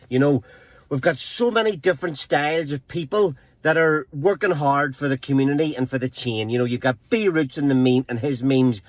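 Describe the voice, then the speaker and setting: A man's voice: medium pitch, no echo. A man with an Irish accent giving an emphatic, profane motivational speech. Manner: emphatic, profane, drawn-out phrases.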